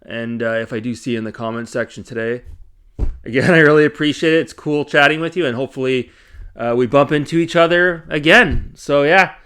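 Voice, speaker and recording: A man's voice: medium pitch, fairly quick, clear, resonant tone. A man hosting his own channel, chatting casually from his home games room with rambling asides and lots of fillers. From Canada. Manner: rambling, many fillers, animated retelling. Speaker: YouTube channel host. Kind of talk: casual vlog chat.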